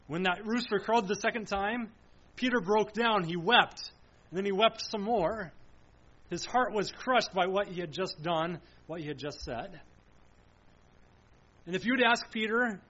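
Male preacher with a high voice, solemn and emphatic, full of repetition and rhetorical questions; muffled lo-fi sound. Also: unhurried, pauses often, fairly bright tone. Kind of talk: sermon.

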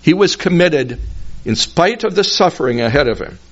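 A man giving expository Bible teaching, explaining slowly and deliberately and singing out tonal words in another language. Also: fairly high pitch, animated. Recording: dull lo-fi recording.

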